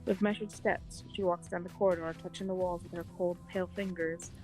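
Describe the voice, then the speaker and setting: A woman reading a dark visual novel aloud for a let's play, in a low voice. She delivers the melodramatic text in a flat, deadpan way, with faint music underneath. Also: fairly quick, poor audio.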